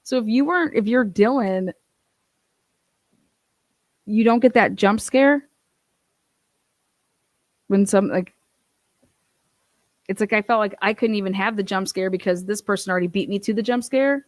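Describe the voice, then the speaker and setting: A young adult woman delivers casual true crime commentary, telling stories bluntly and profanely with animated asides. Her voice sits in the mid range and moves a little slowly, with frequent pauses. There's no room sound on the recording.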